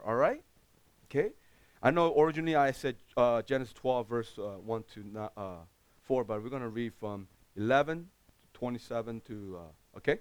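A man preaching a sermon as pastor, speaking with dropped articles and swinging between loud outbursts and quiet asides. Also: mid-range voice, dry recording. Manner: plain broken English with dropped articles.

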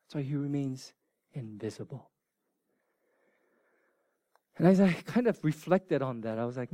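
A man in his forties preaching a sermon, informal and joking, dropping from loud bursts to hushed near-whispers. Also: medium pitch, lively intonation, unhurried, pauses often, no echo, clean studio sound. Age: 40s. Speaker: pastor.

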